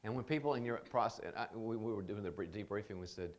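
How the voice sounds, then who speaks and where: A man's voice: on the low side, fast. A man teaching a live training seminar in a conversational, joking way, often slipping into quoted voices.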